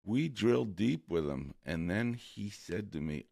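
A man hosting a podcast in casual chat, with a gravelly voice, agreeable and quick to affirm his guest. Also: on the low side, expressive, darkish tone, dry recording, clean studio sound. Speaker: podcast host.

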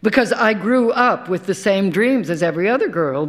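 A woman performs a first-person short story on stage. Her delivery is wry and conversational, with dry asides. Her voice sits at a middling pitch. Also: lively intonation, normal speed, hardly any pauses. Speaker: actor reading a short story. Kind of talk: live dramatic reading of a first-person story.

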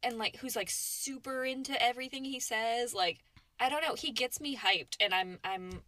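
A woman's voice: on the high side, moderate pace, bright, forceful tone. A woman co-hosting a podcast, giggling and gushing about contestants on a dating show. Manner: giggly, gushing, filler-heavy. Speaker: podcast co-host. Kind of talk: casual chat about a reality show.

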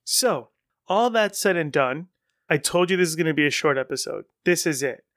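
A man's voice: on the high side, expressive, normal speed, fairly bright tone, dry recording, clean studio sound. A man hosting his own podcast in casual, rambling, enthusiastic solo talk. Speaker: podcast host.

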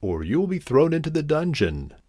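A man's voice: fairly high pitch, very animated, a little fast, dark tone, no echo, pitched above the performer's own voice. A man voicing a demanding king in a storybook reading, with a commanding manner.

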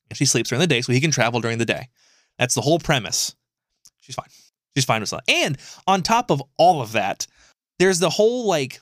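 Man, podcast co-host; middle pitch, casual, rambling, animated delivery; dry close mic. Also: no room sound. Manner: animated, rambling storytelling with frequent fillers and swearing.

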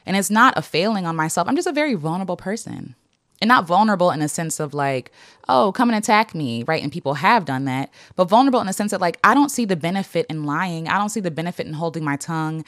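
A woman's voice: on the low side, animated, quick pace, fairly bright tone, dry recording, studio quality. A woman vlogger reading affirmations to her inner child and reflecting openly, laughing often and talking casually with many fillers.

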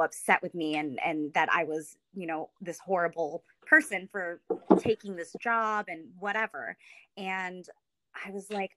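Woman in her thirties, guest storyteller; bright, dry close sound, acts out quotes with big pitch leaps. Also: no echo. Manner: many fillers and restarts. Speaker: podcast guest, actress. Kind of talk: casual storytelling chat.

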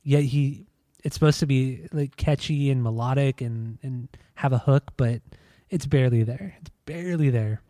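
Male podcast host, mellow voice, dry sound, wry and dismissive. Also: mid-range voice, normal speed, hardly any pauses, dry recording. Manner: wry, dismissive, steers the episode. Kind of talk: casual chat, album review.

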